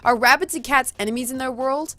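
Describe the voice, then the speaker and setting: A woman reading a visual novel aloud as a let's play host, reacting loudly and laughing along. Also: high-pitched, fast talker.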